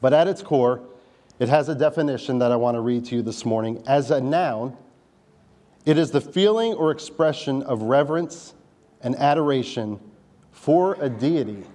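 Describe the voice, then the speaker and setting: A man's voice: medium pitch, expressive, moderate pace, dark tone. A man preaching a sermon in a conversational style, with wry asides to the congregation. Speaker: pastor.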